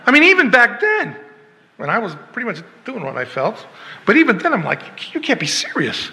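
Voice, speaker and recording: Man, pastor, sermon, high voice, rhetorical and emphatic, reverberant hall. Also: wildly swooping pitch, normal speed, creaky, sharp tone. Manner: emphatic, rhetorical questions and mock dialogue.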